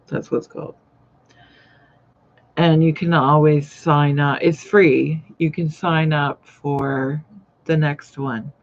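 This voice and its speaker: A woman's voice: low-pitched, fairly even intonation, takes it slowly. A woman hosting a casual live sewing chat, rambling and greeting viewers by name as she works. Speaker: sewing channel host. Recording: dull lo-fi live-stream audio.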